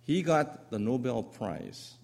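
A man giving a medical lecture over slides, telling the story in an animated, conversational way with asides to the audience. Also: medium pitch, slow pace, gravelly.

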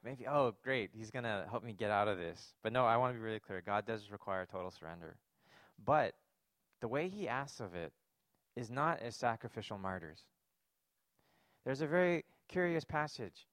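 A man's voice: mid-range voice, fairly bright tone, dry recording, clean studio sound. A man preaching a sermon, earnest and emphatic, posing rhetorical questions to his congregation. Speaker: pastor.

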